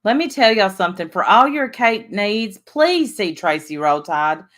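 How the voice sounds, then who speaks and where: A woman's voice: mid-range voice, big pitch swings, unhurried, fairly bright tone. A woman hosting a casual livestream, chatting, reading out viewer names and laughing at herself. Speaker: livestream host.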